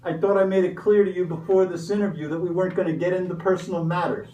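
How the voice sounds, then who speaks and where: A man voicing a gruff, money-minded Easter Bunny who wisecracks and talks pushy, in a comedy sketch. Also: high voice, fairly even intonation, fast talker, warm tone, highs cut off, a little hiss or hum, natural voice. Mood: greedy. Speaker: comic interviewee. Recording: roomy, far from mic.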